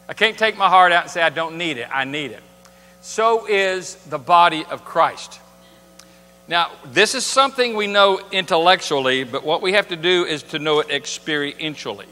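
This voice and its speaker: A man's voice: on the high side, sharp tone. A man preaching a sermon in a church, talking conversationally and asking his congregation rhetorical questions. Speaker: pastor. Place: church sanctuary. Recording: long church hall reverb.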